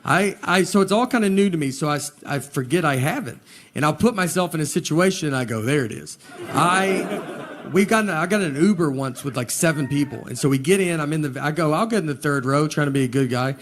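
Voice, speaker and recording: A man, telling stand-up stories in a drawling, deadpan way before a laughing audience. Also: a little high, quick pace, slight background noise. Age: 40s. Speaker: stand-up comedian. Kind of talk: stand-up comedy set. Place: live venue with laughing audience.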